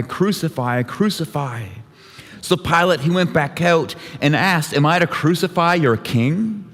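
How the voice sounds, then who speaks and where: A man leading a church service, telling a scripture story with light voicing of each character. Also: medium pitch. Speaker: worship leader. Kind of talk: dramatic scripture retelling. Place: church sanctuary. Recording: long hall reverb.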